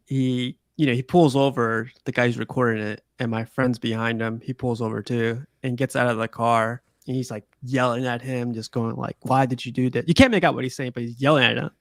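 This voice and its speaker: A man's voice: mid-range voice, no room sound, clean studio sound. A man hosting a casual group chat, rambling with many fillers and laughing often. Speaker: podcast host.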